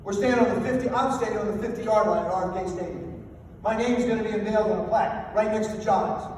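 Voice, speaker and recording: Older male banquet speaker, humorous motivational storyteller, high-pitched, recorded at a distance in a reverberant hall. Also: fast, a little mellow. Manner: anecdotal, self-deprecating storytelling. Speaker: after-dinner speaker. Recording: echoey hall from far off, faint noise.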